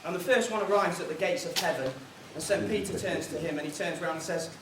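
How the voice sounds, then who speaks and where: Here a fairly high-voiced man talks fast while running a seminar he organised, mixing an anecdotal joke with housekeeping notes in a chatty storytelling style. The setting is a conference room on an air base, captured from a distance in a roomy hall with plenty of noise.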